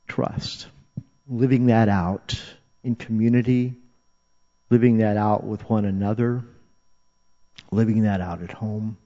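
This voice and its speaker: A man's voice: lowish voice, fairly even intonation, takes it slowly, long pauses, mellow. Man, pastor, sermon, earnest, repeats for emphasis, long hall reverb. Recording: dull, reverberant hall recording.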